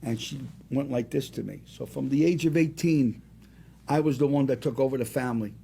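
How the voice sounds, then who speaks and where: A man around seventy, a singer and restaurant owner, telling rambling, animated stories as a guest in a casual interview. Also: mid-range voice, a little fast, creaky, slight background noise. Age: about 70.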